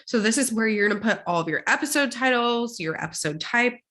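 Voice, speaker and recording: Young adult woman from Texas, podcast host; upbeat, direct, a little congested with vocal fry. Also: on the high side, lively intonation, fairly quick, a bit bright. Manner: upbeat and chatty, addressing listeners directly. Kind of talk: solo podcast teaching.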